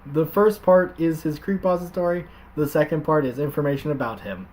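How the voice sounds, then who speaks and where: A man's voice: on the high side, fairly quick, a little mellow. A man hosting a casual chat, reading stories aloud with frequent laughs and swearing. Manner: laughs often, swears, jokey. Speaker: host.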